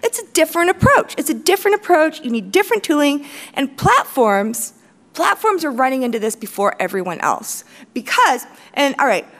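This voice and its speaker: A woman speaking on stage at a tech conference as a company chief, blunt and profane, with quick self-mocking asides. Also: high voice, big pitch swings, fairly bright tone. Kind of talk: live conference talk. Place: large conference hall stage.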